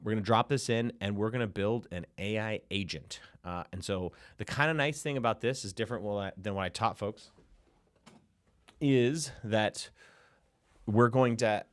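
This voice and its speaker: A man's voice: lowish voice, dry recording. Hyped, chatty man in a dry room. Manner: hyped, playful, chatty with sudden shouted bits. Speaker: course creator teaching AI agent building. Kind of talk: casual screen-share tutorial.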